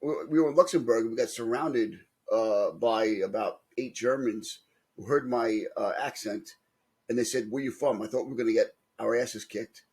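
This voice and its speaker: Husky-voiced man with a Brooklyn accent. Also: medium pitch, moderate pace, darkish tone. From Brooklyn, New York. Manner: joking anecdotal storytelling. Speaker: podcast co-host. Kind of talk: casual chat.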